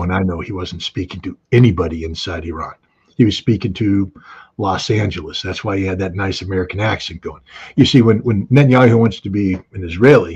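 A man's voice: low-pitched, darkish tone, breathy edge, dull audio. A man giving conversational analytical commentary in an interview, with frequent ums and restarts.

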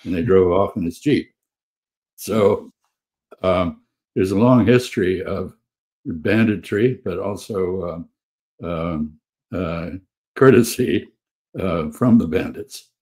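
A former ambassador speaks in a very deep, husky voice. He is measured and hesitant, pausing on fillers as he recounts stories in a casual discussion. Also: darkish tone.

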